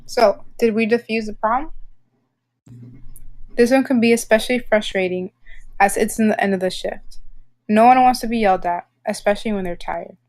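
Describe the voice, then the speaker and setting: Calm woman giving a training lesson. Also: medium pitch, moderate pace, long pauses. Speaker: healthcare training instructor. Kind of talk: scripted instructional narration.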